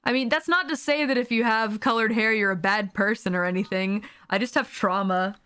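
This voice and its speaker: A woman's voice: mid-range voice, fairly even intonation, brisk, pushed and bright, smooth. A young adult woman streaming a video game, chatting casually, laughing often and speaking bluntly with some swearing.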